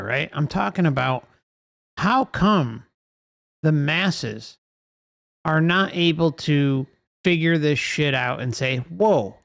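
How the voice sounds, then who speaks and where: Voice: mid-range voice, gravelly, no echo. A livestream host delivering an impassioned, profane rant full of rhetorical questions.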